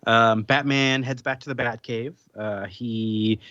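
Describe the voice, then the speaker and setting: A man's voice: medium pitch, steady tone, takes it slowly, a bit bright, no room sound, highs cut off. A man hosting a podcast, recapping a comic in a casual, joking way and laughing often. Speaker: podcast host.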